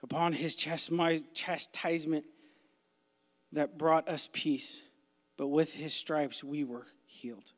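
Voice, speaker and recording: A man preaching a youth sermon as a pastor, impassioned, swinging between hushed whispers and loud cries. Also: a little high, steady tone, takes it slowly. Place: church sanctuary. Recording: long hall reverb.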